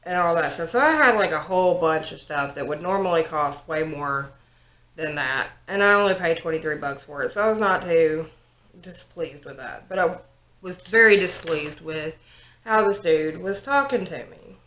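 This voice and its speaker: A woman's voice: deep voice, expressive, moderate pace, a bit bright. A young woman telling a story in a casual get-ready-with-me chat while doing her makeup, with lots of likes and ums. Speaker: vlogger, 911 operator. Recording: roomy home recording.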